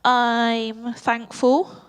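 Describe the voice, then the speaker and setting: An English woman fighter with a squeaky voice, chatting self-critically in a post-fight press conference with many ums. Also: level tone, very slow, smooth, in a large hall. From England.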